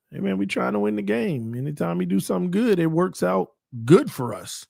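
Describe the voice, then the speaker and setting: A man hosting a fan watch party, calling the plays live in an excitable, casual way and talking back to the players. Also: high-pitched, a little fast, vocal fry, few pauses, dry recording, clean studio sound. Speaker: fan show host.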